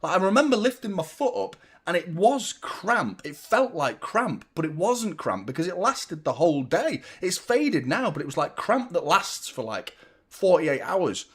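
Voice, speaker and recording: A man's voice: sits high, sing-song, normal speed, fairly bright tone, slightly rough. A man, chatting casually and self-mockingly as host of a football watchalong stream, swearing freely. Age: 30s. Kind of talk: casual live-stream chat.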